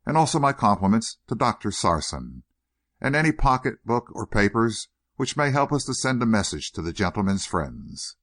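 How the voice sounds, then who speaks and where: A smooth, purring older gentleman with a quiet scheming edge, as a man reads him, low in tone but swinging freely up and down. Every line carries polite, faintly mocking warmth. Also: very animated, normal speed. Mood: silky. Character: suave, silkily solicitous older gentleman schemer.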